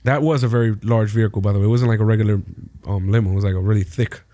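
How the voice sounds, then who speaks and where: A man's voice: on the low side, fairly even intonation, dark tone, no echo. A young adult man co-hosting a podcast, swearing freely and joking through casual banter. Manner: profane, joking, quick banter. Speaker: podcast co-host. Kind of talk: casual chat.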